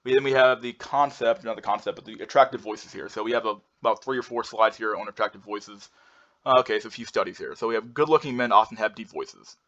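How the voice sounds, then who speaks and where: A man's voice: on the low side, fast, a bit bright. A man giving a casual talk over slides, rambling with lots of fillers and restarts. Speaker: presenter going through slides. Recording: dull lo-fi sound.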